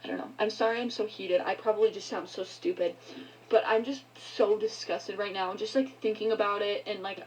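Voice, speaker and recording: A woman's voice: medium pitch, fairly even intonation, a little mellow, slight background noise, poor audio. A woman ranting angrily to her viewers, swearing often and breaking off mid-sentence. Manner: angry, swearing, halting. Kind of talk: heated rant to camera.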